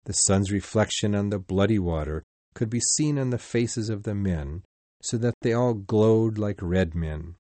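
A man narrating a storybook in a deliberate, expressive manner. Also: on the low side, no room sound. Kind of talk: scripted audiobook narration.

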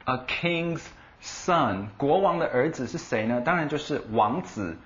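Animated male bilingual lesson host. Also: mid-range voice, measured pace, muffled recording, a little hiss or hum. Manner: animated explaining, switching between Chinese and English. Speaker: bilingual co-host explaining in Chinese. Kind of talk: radio English lesson.

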